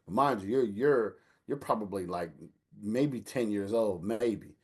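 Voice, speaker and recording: A man, telling a lively family story in casual chat and acting out the voices of the people in it. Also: fairly low pitch, a little slow, husky. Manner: animated storyteller, acts out quotes, laughs while telling. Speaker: older brother telling a story.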